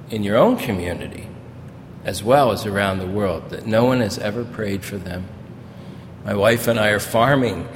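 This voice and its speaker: Folksy older pastor in a reverberant hall. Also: male voice. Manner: folksy, storytelling, animated in places. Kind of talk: sermon with personal stories. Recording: reverberant hall with faint rumble.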